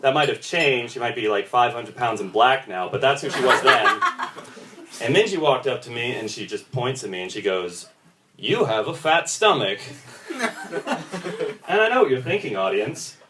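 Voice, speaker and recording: A young man doing stand-up, his voice swinging up and down as he acts out the people in his stories. He is heard from a distance on a phone recording in an echoing pub room, with steady noise behind him. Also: medium pitch. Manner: animated storytelling, acts out others' voices in quick bits. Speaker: stand-up comedian. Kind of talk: stand-up comedy set. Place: small pub comedy room with audience laughter. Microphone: phone recording from the audience.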